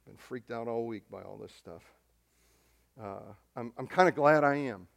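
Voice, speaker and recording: Excitable male preacher. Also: mid-range voice, normal speed, gravelly. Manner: excitable, repeats words, swings from loud emphasis to quiet asides. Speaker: pastor. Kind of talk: sermon.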